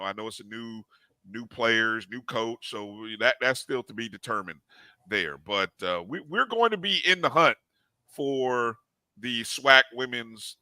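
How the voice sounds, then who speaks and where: A man hosting a streamed sports talk show, his bright voice moving lively up and down as he greets viewers by name. The sound is dry and close to the mic. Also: medium pitch, dry recording. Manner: animated, repeats greetings to each viewer by name.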